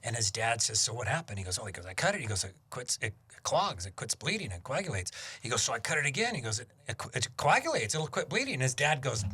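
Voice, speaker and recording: A man who runs comedy shows, telling stories with dark humor in a casual podcast conversation. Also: on the high side, big pitch swings, brisk, breathy edge. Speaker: comedy show organizer.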